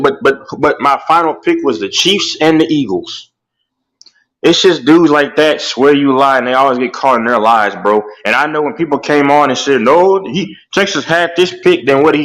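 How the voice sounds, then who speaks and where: Animated man venting about sports. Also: a little high, low-quality recording. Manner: animated, repeats "bro" often. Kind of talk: heated casual sports chat.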